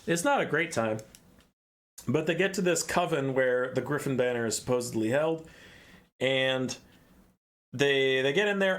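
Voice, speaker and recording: Dude rambling through a story recap, swears a lot, backtracks constantly. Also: male voice, mid-range voice. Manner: rambling, profane, self-correcting.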